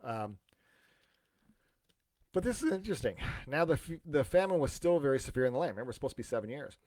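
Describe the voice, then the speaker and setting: A man's voice: mid-range voice, very animated, fast, darkish tone, no echo. A man, a pastor, casually retelling a Bible story with chatty asides and questions to listeners.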